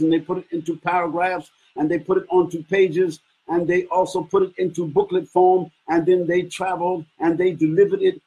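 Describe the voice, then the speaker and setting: A man's voice: a little high, darkish tone, breathy edge, low-quality recording. A middle-aged man preaching a lecture sermon, emphatic and rhetorical, sometimes mimicking his critics. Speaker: Islamic preacher.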